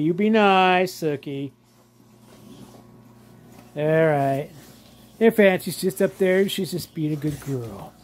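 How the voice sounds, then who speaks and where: Slow-talking man doting on his dogs. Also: fairly high pitch, a little mellow, a little hiss or hum. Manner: slow, drawling, doting, laughs often. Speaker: vlogger showing his dogs. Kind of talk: casual home vlog, talking to pets. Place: home living room.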